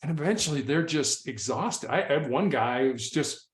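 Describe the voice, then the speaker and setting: Earnest male storyteller, slightly high voice, repeats himself, echoey room. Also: lively intonation, moderate pace, hardly any pauses. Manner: repeats and restarts words, earnest. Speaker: former SWAT hostage negotiator, guest. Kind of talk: casual interview storytelling.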